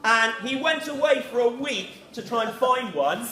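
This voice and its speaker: A man compering a school poetry evening, wry and a little halting. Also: very high-pitched, expressive, bright, forceful tone. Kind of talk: casual event introduction. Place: school hall. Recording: echoey hall with faint noise.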